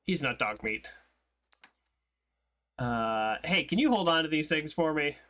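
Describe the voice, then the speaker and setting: Man, let's play host, casual gaming commentary, bright tone, self-mocking. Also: fairly high pitch, a little slow. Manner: excitable, laughs often, self-mocking.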